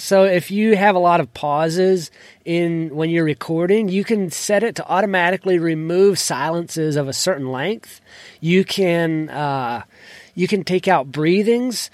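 Male podcaster, casual tutorial delivery, not a deep voice, trailing sentence ends, dry desk-mic sound. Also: no echo. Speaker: podcast host. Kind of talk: casual screen-share tutorial. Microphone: desk microphone.

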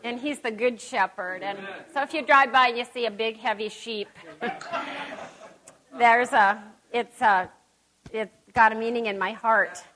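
Woman preacher, high bright voice, folksy and emphatic, church sermon. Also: unhurried. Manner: emphatic, folksy, chatty asides. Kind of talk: conversational sermon. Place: church service.

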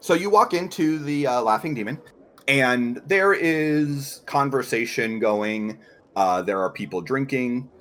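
Lively-voiced male game master. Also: medium pitch, a little slow. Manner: relaxed, filler-heavy narration. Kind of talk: narrating a tabletop game.

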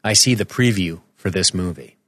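A man's voice: sits low, normal speed, fairly bright tone, dry recording, studio quality. A man in his forties co-hosting a podcast, rambling and joking with casual swearing. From United States. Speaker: podcast co-host. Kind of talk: casual chat. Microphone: studio microphone.

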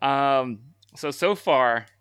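A man co-hosting a podcast keeps interrupting the casual chat to recap things in disbelief, laughing as he goes. He has a medium pitch and draws out his words, with a slightly bright, clean tone. The studio recording is dry and clean.

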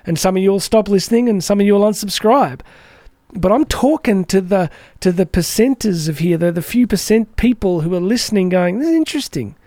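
A man's voice: high-pitched, a little fast, warm tone, no echo, clean studio sound. A man hosting a motivational podcast, talking energetically and chattily and acting out the voices he quotes. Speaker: podcast host.

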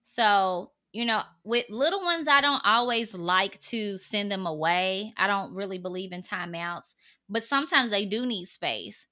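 A woman's voice: medium pitch, unhurried, sharp tone. A young pregnant woman talking casually and earnestly to parents, giving direct, conversational advice.

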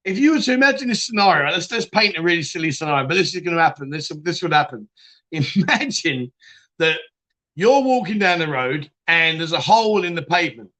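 A man's voice: fairly high pitch, animated, a little fast, sharp tone. A man hosting a casual live chat stream, reading viewer comments aloud and laughing often. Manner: chatty, laughs often, trails off and restarts.

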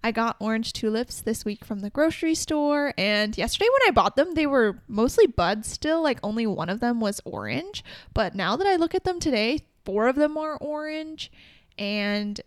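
Young woman hosting a solo podcast, loose and rambly, a little high-pitched, dry close recording. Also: animated, moderate pace, no room sound. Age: early 20s. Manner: rambling, restarts mid-sentence. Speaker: podcast host. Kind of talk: casual solo podcast talk.

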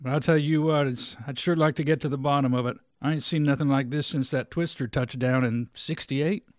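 A man playing a steady, commanding county sheriff in a radio drama. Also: mid-range voice, a little fast, no room sound, clean studio sound, lightly acted. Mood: calm. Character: steady middle-aged male county sheriff, firm.

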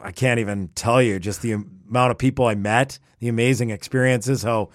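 A man's voice: medium pitch, fairly quick, no echo, clean studio sound. Enthusiastic man, a guest. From Canada. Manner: animated, restarts phrases, enthusiastic storytelling. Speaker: guest, traveller. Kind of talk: casual conversational interview.

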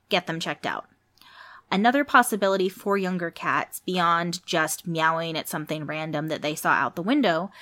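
A woman's voice: lowish voice, sharp tone. A woman who works at a cat hospital, hosting a podcast and chatting informally through pet questions. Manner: chatty, explanatory, with fillers and asides. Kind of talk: casual informational podcast monologue.

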